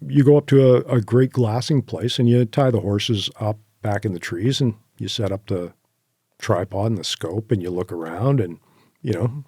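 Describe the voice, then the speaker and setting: Man guest, low mellow voice, lively yarn-spinning, dry close podcast mic. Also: normal speed, husky, no room sound. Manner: animated anecdotes with quoted asides and laughs. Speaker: podcast guest, horseback hunter. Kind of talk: casual interview storytelling.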